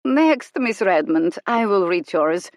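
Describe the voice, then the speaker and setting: A woman voicing a shrewd middle-aged female fortune teller, speaking slowly and knowingly in a rustic dialect. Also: mid-range voice, lively intonation, dry recording, studio quality. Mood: mysterious. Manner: slow, knowing, dialect-tinged speech.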